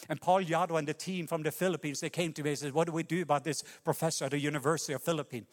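A Norwegian man preaching a sermon with passion, rising to loud cries and dropping to hushed lines. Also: on the high side, big-room sound. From Norway. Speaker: pastor.

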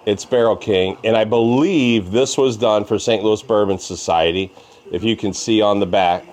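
A man co-hosting a podcast in casual chat, relaxed and easygoing with trailing fillers. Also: on the low side, moderate pace. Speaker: podcast co-host.

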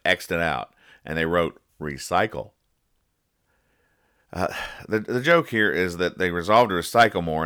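Low, smooth, and delivered in a pushed, bright way, this man's voice carries a casual comedic podcast. Reading comics, he rambles, jokes, and explains the punchlines one by one.

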